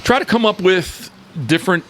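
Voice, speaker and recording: A man's voice: sits high, moderate pace, fairly bright tone, a little hiss or hum. A man hosting a casual podcast, rambling and correcting himself often as he talks. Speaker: podcast host and decoy carver.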